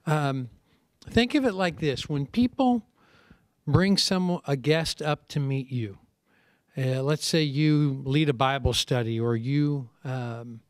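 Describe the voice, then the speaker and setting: A middle-aged man, a preacher speaking on a conference panel, telling stories in a lively way and acting out what other people say. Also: mid-range voice, takes it slowly, no room sound, clean studio sound. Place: conference seminar session.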